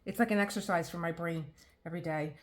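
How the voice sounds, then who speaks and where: A woman's voice: on the low side, quick pace. Chatty rambling woman at her craft table. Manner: rambling, self-interrupting, frequent laughter and fillers. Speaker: diamond painting vlogger. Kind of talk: casual chat while crafting.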